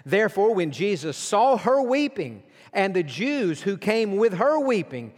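A pastor preaching a sermon, earnest and emphatic, slowing down for weighty lines. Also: male voice, high voice, sing-song. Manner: earnest, emphatic preaching with slow dramatic pauses. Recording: long hall reverb.

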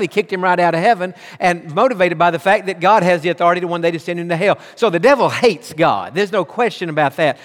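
A pastor delivers an emphatic sermon to his congregation in a voice pitched a little high. His words ring out with a long reverb, as in a big hall. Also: a bit bright. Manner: emphatic preaching, tells listeners to underline words.

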